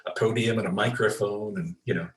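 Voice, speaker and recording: A man being interviewed as an expert, telling stories in a relaxed way and acting out the voices of the people in them. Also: on the low side, a little fast, echoey room, rough recording. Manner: storytelling, acts out quoted voices, many restarts. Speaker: guest expert. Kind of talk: conversational interview storytelling.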